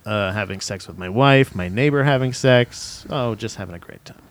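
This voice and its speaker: A man hosting a casual comedy podcast, telling stories in a rambling way with lots of swearing, and jumping high in pitch when he quotes people. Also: moderate pace, a little hiss or hum.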